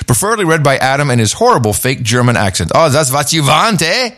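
Animated, joking male podcast host. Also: mid-range voice. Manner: joking, laughs often, quick asides. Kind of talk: casual chat, reading listener donation notes.

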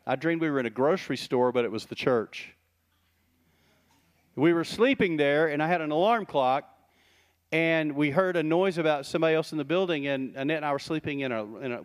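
A middle-aged man giving a sermon as pastor, talking conversationally with quick asides and rhetorical questions. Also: fairly high pitch.

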